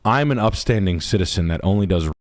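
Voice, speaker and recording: A brash man with a low, steady voice, trading crude jokes on a podcast. He talks loosely and profanely, like he is riffing with a friend. His delivery is blunt and unfiltered. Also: fast. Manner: brash, profane, puts on voices while telling stories. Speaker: podcast host. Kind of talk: crude comedic podcast chat.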